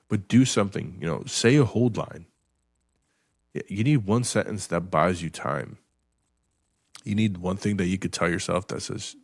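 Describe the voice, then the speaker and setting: Podcast host: man, very low voice, blunt and profane, dry close sound. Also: creaky, no room sound. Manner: profane, emphatic, repeats words when restarting. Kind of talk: blunt motivational podcast talk.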